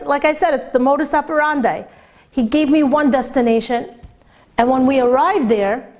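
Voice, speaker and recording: A woman rabbanit, telling a story in a Torah talk and acting out the voices of its people. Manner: animated storyteller, acting out quoted voices with big pitch jumps.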